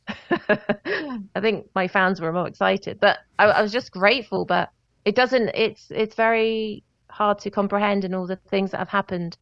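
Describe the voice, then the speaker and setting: A woman's voice: medium pitch, creaky, no echo, highs cut off. A woman, a singer and vocal coach, chatting animatedly as a guest, often slipping into voices and laughter. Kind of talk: casual interview storytelling.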